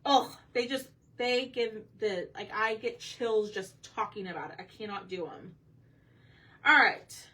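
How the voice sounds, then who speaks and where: Bright chatty woman crafting on stream. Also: mid-range voice, unhurried, recorded from a distance. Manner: chatty, talks to viewers while working. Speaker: craft livestream host. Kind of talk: casual chat while painting. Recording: voice a bit off-mic with faint room noise.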